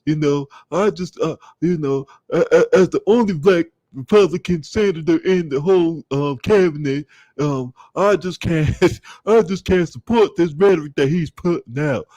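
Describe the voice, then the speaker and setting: A man imitating a soft-spoken, cautious male politician, halting over every phrase. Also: fairly high pitch, dry recording, natural voice. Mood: mock-timid. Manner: hesitant, halting, full of "you know".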